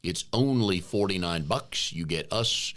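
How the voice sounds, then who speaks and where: A man's voice: deep voice, measured pace. A middle-aged man co-hosting a business coaching podcast in a chatty, joking way. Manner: joking, chatty, relaxed banter. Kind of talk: casual podcast chat.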